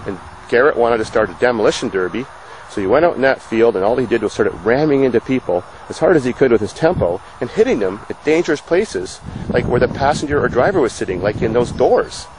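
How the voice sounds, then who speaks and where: A man's voice: medium pitch, animated, a little fast, noisy background. Aggrieved man telling his side outdoors. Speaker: farm vlogger. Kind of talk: casual storytelling to camera. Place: outdoors on a farm.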